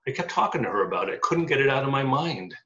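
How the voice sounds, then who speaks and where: Very animated and very fast, a middle-aged man with a mid-range, bright, forceful voice narrates his life as an interview guest in casual storytelling, dropping many ums and uhs. The audio is dull and lo-fi, with an echoey room.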